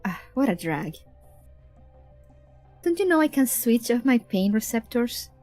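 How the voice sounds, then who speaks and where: A captive android girl, read aloud by a woman, drawls her sarcasm with a higher, lively pitch, openly taunting and bored. Her voice sits dry and close, with faint music behind. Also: measured pace, dry recording. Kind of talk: reading game dialogue aloud.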